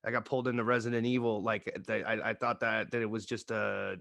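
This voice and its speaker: A man with a Bay Area accent, an actor talking as a guest in a casual interview, halting and self-deprecating. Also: fairly low pitch, level tone, vocal fry, pushed and bright.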